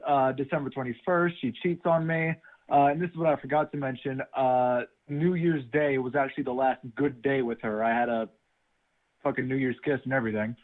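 A man's voice: mid-range voice, fairly even intonation, a little fast. A man calling in to an advice show, eagerly recapping a breakup story. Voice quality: eager, chatty, with filler "uh". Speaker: caller. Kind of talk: phone call-in story. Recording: tinny phone line.

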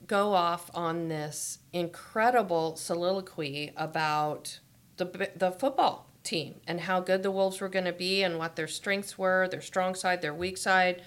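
A middle-aged woman from Missouri, a guest author telling a story in an interview with lively, laughing delivery. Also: lowish voice, measured pace, clear, resonant tone. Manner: animated, laughing storyteller acting out quotes.

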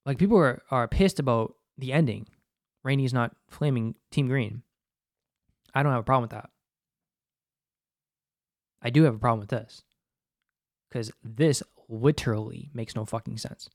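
A man's voice: mid-range voice, moderate pace, long pauses, no room sound, clean studio sound. Exasperated profane man reviewing an episode. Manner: profane, exasperated, rambling with many fillers. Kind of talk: casual spoken commentary.

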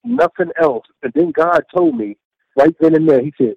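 Heard over phone-quality sound with no room sound, a middle-aged man speaks at a moderate pace in a fairly high, creaky, breathy voice whose pitch swoops wildly. As an interview guest, he earnestly retells his faith testimony, full of repetition and acted-out self-quotes.

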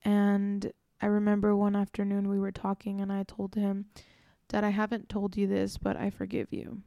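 A young woman in her twenties shares a personal story on her podcast, earnest and reflective, with lots of casual fillers. Her voice is mellow and a little gravelly with vocal fry. She keeps a fairly flat, even delivery, recorded close and dry. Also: mid-range voice, moderate pace, no room sound. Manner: earnest, reflective, frequent "like" and "you know". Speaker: podcast host.

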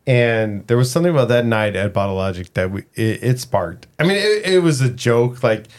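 A man's voice: mid-range voice, lively intonation, fairly quick. A man co-hosting a podcast in casual chat, rambling, swearing freely and laughing often. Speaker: podcast co-host.

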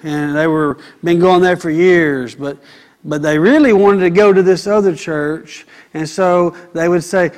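A preacher with a notably high voice delivers his sermon. He swings from quiet asides to loud, fiery exhortation. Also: steady tone, a little slow. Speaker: pastor.

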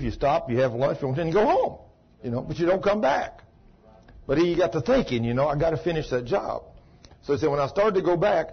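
Husky-voiced man preaching a sermon. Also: mid-range voice. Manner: folksy, exclaims and retells dialogue. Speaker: pastor. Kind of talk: sermon with a retold story. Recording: muffled lo-fi sermon tape.

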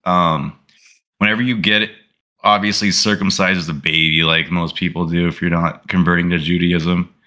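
A man's voice: deep voice, level tone, normal speed, sharp tone. A man co-hosting a casual podcast, rambling through loose half-finished thoughts. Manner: rambling, full of fillers and restarts. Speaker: podcast co-host. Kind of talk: casual chat.

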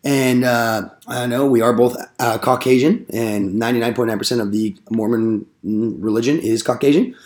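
A man's voice: mid-range voice, normal speed, few pauses, a little mellow. A young man casually telling door-knocking stories, full of slang and swearing, acting out the people he quotes. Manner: rambling storytelling with slang and swearing, acts out quotes. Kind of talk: casual podcast chat.

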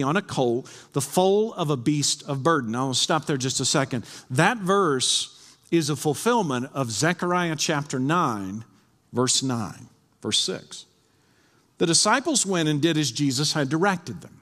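Pastor, male, lively fairly high voice, earnest sermon delivery, long hall reverb. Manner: earnest preaching, reads scripture aloud.

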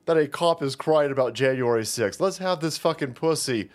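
A foul-mouthed man hosts his own commentary show and rants in a mocking, profane tone. His voice sits a little high for a man and swings widely in pitch, bouncing up and down as he scoffs. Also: animated, moderate pace. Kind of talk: profane political rant.

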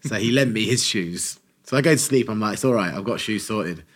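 A man co-hosting a podcast, telling a funny story in a casual, animated way and acting out quotes. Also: lowish voice, a little fast. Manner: animated anecdote teller, acts out quotes.

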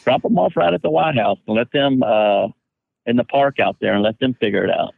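Gravelly-voiced man, blunt and wry in casual chat, dry close sound. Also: mid-range voice, brisk, darkish tone, no room sound, poor audio.

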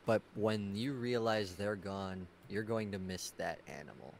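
A man's voice: on the low side, a little slow, gravelly, a little hiss or hum. A man co-hosting a stream, joking and repeating words in casual chat. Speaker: stream co-host.

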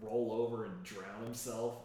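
A man's voice: lowish voice, fairly even intonation, a little slow. A young man co-hosting a podcast, telling crude, profane stories in casual chat and laughing often. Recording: very echoey room with crowd noise.

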